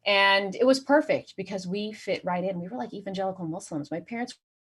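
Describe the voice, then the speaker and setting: A woman's voice: medium pitch, fairly quick, husky. A woman doing a stand-up set, telling stories and acting out the people in them. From Chicago area. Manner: animated storytelling, acts out quoted voices. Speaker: stand-up comedian.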